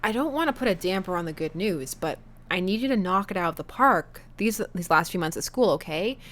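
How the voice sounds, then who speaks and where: Gentle middle-aged dad in a dating game, soft and sentimental, read by a woman. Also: on the low side, expressive, fairly quick. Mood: earnest.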